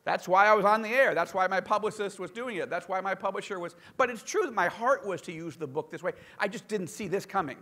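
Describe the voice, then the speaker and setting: Animated storytelling man with a bright voice. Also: high voice, quick pace, hardly any pauses. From United States. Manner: animated, self-deprecating, acts out quotes. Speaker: author and podcast guest. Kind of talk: storytelling in casual talk.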